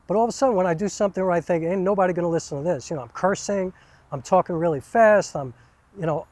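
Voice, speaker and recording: Chatty high-voiced man vlogging, dry sound. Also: a little mellow, no room sound. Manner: rambling, chatty, fills every pause with "you know". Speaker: YouTube vlogger. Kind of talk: casual talking-head vlog.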